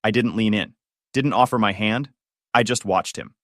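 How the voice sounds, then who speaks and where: A man calmly narrating a first-person story in scripted narration. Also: on the low side, moderate pace, no echo, clean studio sound.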